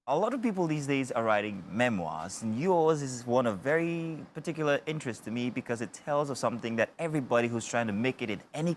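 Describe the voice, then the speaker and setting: A Nigerian man hosting a TV book review interview, jovial and quick to joke. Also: medium pitch, a little hiss or hum. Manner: jovial, joking. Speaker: TV morning show host. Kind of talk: studio interview.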